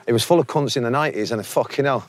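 A man's voice: mid-range voice, very fast, a little hiss or hum. A Manchester man in his forties, a musician telling laddish, sweary anecdotes in a casual interview, laughing often. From England. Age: 40s.

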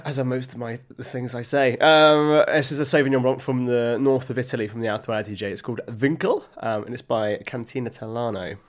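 This is a man co-hosting a casual podcast. He hesitates often and makes light of himself. His voice sits at a middling pitch. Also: fairly quick, few pauses. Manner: hesitant, self-deprecating. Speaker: podcast co-host. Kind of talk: casual banter.

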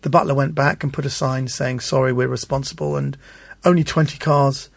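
A man guest telling animated anecdotes in an interview, acting out the voices of people in his stories. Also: medium pitch, brisk, gravelly, no echo. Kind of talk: anecdotal storytelling.

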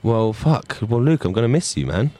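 A man from England co-hosting an improvised comedy sketch, theatrical and animated, his voice moving from loud outbursts to hushed banter. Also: medium pitch, normal speed. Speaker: comedy podcast co-host.

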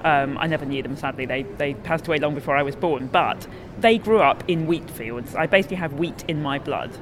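A woman's voice: sits low, fairly quick, slight background noise. Enthusiastic woman food writer guest. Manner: enthusiastic and wry. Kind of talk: casual interview conversation.

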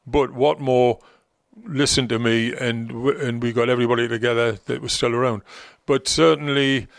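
Older geordie guy, gravelly voice, rambling old stories with lots of ums, dry close sound. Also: mid-range voice, steady tone, normal speed, no room sound. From North East England. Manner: rambling, with many ums and restarts. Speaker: guest, former football manager. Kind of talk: relaxed anecdotal storytelling.

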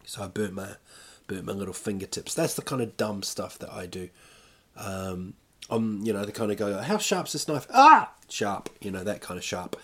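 A man's voice: lowish voice, fairly even intonation, moderate pace, husky. Rambling man chatting. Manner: rambling, self-mocking, acts out quotes. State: recovering from illness. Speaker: podcast host. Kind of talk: casual chat. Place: at home.

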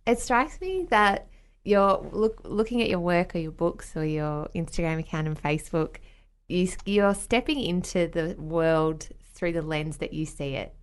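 A woman's voice: on the low side, moderate pace, smooth. A woman hosting a podcast, asking reflective questions in a casual interview. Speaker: podcast host.

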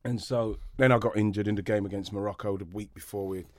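Here a podcast co-host who once played football tells a lengthy story in easygoing conversation, rambling along with many restarts and bursts of laughter. The middle-aged man speaks quickly in a fairly low, steady, darkish voice, and there's no room sound.

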